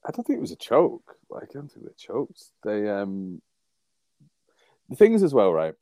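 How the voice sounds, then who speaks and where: A man's voice: on the low side, huge pitch swings, moderate pace, dark tone, no room sound. A man from England co-hosting a rugby podcast in casual chat, rambling and wry, often laughing at his own jokes. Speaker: podcast co-host.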